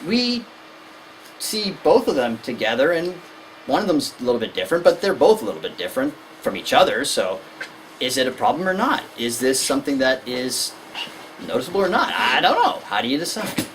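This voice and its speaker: A woman gives a lecture to parents, her voice leaping up and down as she acts out children and exasperated parents. She is picked up by a camera from across the hall, with a faint hiss of room sound behind her. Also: fairly quick. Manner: animated, acts out kids and parents in high voices.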